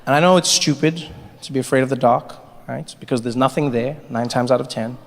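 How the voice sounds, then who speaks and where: A man performing a stand-up comedy set, animated and playful, on a large theater stage. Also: mid-range voice, a little fast, creaky. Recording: long hall reverb, faint noise.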